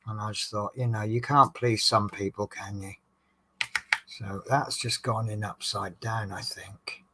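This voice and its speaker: A bus driver chats casually to his live stream about his shifts, rambling and reading chat names aloud while crafting in the dark at home indoors. His voice is fairly low, steady and measured, and the audio is very noisy.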